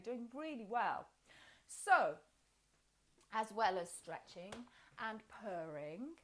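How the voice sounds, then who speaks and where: A woman guiding a children's yoga and movement class, encouraging and playful as she talks the class through each pose. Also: a little high. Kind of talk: guided class instruction.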